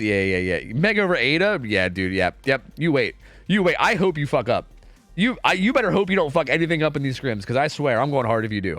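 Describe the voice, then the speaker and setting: A man's voice: mid-range voice, no echo. A young man casting esports scrims live on stream, profane and trash-talking as he commentates.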